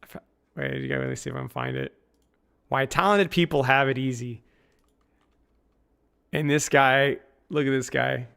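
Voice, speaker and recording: Male streamer, gravelly mid-range voice, loose jokey rambling with chat. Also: mid-range voice, very animated, normal speed, pauses often, a bit bright. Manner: joking and rambling, laughs at his own lines. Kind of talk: casual live-stream chat with viewers.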